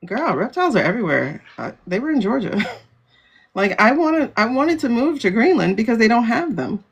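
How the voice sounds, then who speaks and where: Woman, livestream host, rambling casual chat, gravelly fry. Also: a little high, big pitch swings, moderate pace. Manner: chatty, rambling, laughs often.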